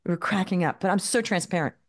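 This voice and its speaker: A woman in her fifties speaks fast in a fairly low voice. She's a podcast guest in a casual storytelling interview, trading chatty anecdotes packed with "like" and "you know."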